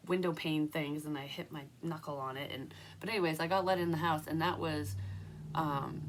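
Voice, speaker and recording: A young woman with a low voice talks her way through a casual tarot reading. She rambles from story to story and swears freely. A faint hiss of background noise sits under her voice. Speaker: psychic tarot reader.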